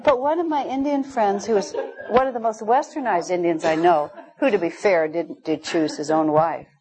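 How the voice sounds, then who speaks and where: A woman's voice: mid-range voice, moderate pace, a crowd in the background, poor audio. A middle-aged woman teaching a spiritual class, telling stories with frequent laughter. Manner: warm storytelling, laughing often. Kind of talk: spiritual class talk with anecdotes.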